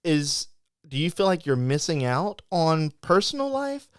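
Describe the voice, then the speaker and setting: A man's voice: fairly high pitch, big pitch swings, measured pace, clear, resonant tone, no echo, clean studio sound. Man hosting. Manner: rambling, many restarts and acted-out quotes. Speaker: podcast host. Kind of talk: casual live interview chat.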